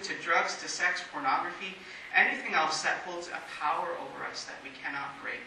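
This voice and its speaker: A man pastor giving a sermon in a church, speaking in a measured way with emphatic pauses. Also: sits high, bright, forceful tone. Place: church sanctuary. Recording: very echoey hall, distant mic, faint hiss.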